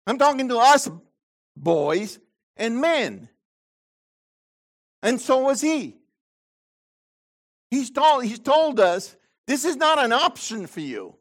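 Male pastor preaching; pitched high, unhurried, punchy loud emphases that drop to quiet asides. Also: very animated. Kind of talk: sermon.

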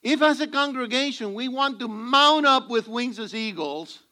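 Speaking at normal speed, a male pastor with a very high, expressive voice that sounds pushed and bright addresses his congregation. He livens up the sermon with funny stories, acting out the dialogue as he goes.

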